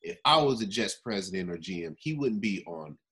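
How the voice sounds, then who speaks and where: A man with a husky voice gives blunt, slangy takes in a casual sports chat, repeating himself for emphasis. His pitch swings widely as he talks. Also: lively intonation, brisk, pushed and bright. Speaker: podcast co-host.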